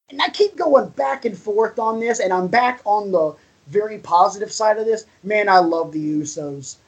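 A man co-hosting a podcast, excitable and animated, swearing casually in relaxed chat. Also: high-pitched, slightly rough, rough recording. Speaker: podcast co-host.

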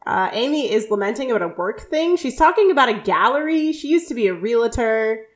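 A young woman co-hosting a podcast, retelling a sitcom episode scene by scene in a casual, animated way. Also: fairly high pitch. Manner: animated retelling, quick quoted dialogue. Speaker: podcast co-host. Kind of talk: casual recap chat.

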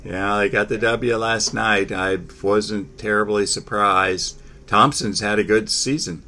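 A man hosting a casual sports talk chat, halting, with many fillers and restarts. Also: on the low side, steady tone, bright, forceful tone.

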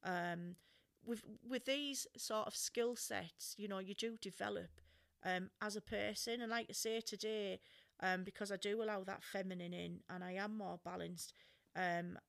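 A woman's voice: mid-range voice, fairly even intonation, normal speed, vocal fry. A middle-aged woman with an English accent, giving casual self-help advice in a frank, chatty way full of fillers and the odd swear word.

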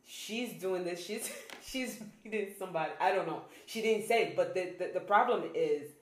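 A woman chatting casually as a podcast co-host, laughing often and talking in halting restarts. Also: lowish voice, a little hiss or hum. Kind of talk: casual chat. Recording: echoey room.

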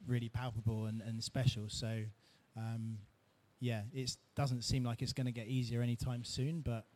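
A man's voice: mid-range voice, flat delivery, normal speed, darkish tone. A man giving a short, encouraging talk at an event. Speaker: event speaker.

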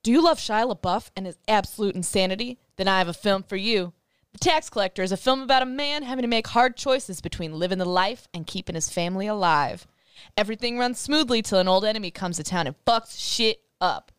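A woman voicing a dramatic male movie-trailer announcer in a slow, emphatic delivery. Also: medium pitch, lively intonation, smooth, dry recording, lightly acted.

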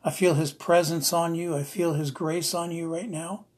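A man preaching an emotional sermon, earnest and repetitive, slowing down to stress his words. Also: on the high side, steady tone, darkish tone, slightly rough. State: emotional, near tears.

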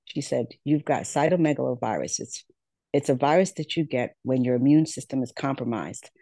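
A woman's voice: extremely low pitch, normal speed, warm tone, no room sound, studio quality. A middle-aged woman, a podcast guest, telling her life story earnestly, repeating words and acting out what others said to her. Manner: earnest, repeats words, acts out quoted dialogue. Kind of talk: personal storytelling in an interview.

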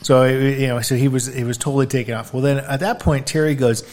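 A man telling a story in casual conversation, animated and acting out what other people said. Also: medium pitch, quick pace. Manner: animated storyteller, acts out quoted voices. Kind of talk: casual chat.

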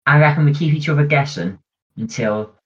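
A man's voice: fairly high pitch, lively intonation, a little fast, husky. A man co-hosting a podcast, chatting in an easygoing way and planning aloud. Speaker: podcast co-host. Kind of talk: casual chat. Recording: dull lo-fi audio.

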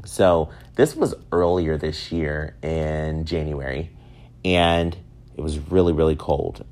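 A man in his thirties from upstate New York, telling self-mocking stories in a casual, animated way. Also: takes it slowly. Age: 30s. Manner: animated, self-mocking, swings up high for acted quotes. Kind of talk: casual storytelling monologue.

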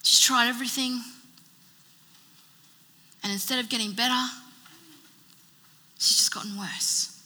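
Bright-voiced woman preaching with emphatic repetition. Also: a little high, fairly even intonation, measured pace, pauses often. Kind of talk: sermon. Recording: long reverb of a large hall.

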